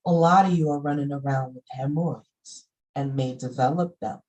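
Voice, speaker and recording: A woman's voice: rumbling low, moderate pace, a little mellow, rough recording. A middle-aged woman vlogging about essential oils in a folksy, conversational teaching monologue, now and then breaking into emphatic outbursts. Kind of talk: casual spiritual teaching monologue.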